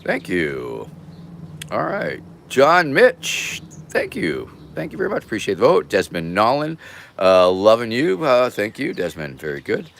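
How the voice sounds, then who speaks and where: An older man talks in a low, lively voice that swings up and down, rambling through a casual home livestream. He reads viewer names aloud with a loose, irreverent ease, and a light hiss of background noise sits under the recording. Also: a little slow, gravelly. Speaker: livestream host. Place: home, near a porch.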